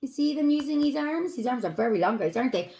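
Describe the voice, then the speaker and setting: Animated woman teaching young children. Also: high voice, fast, vocal fry. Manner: animated and sing-song, addressing children as guys. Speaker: preschool teacher. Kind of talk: children's circle time lesson.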